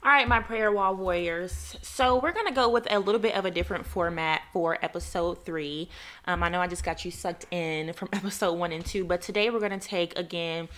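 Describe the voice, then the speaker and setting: A young adult woman from the United States hosts a faith podcast in a fairly low voice. She talks earnestly and emotionally, close to tears, and calls her listeners y'all. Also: a little fast, fairly bright tone. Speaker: podcast host. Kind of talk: heartfelt faith podcast monologue.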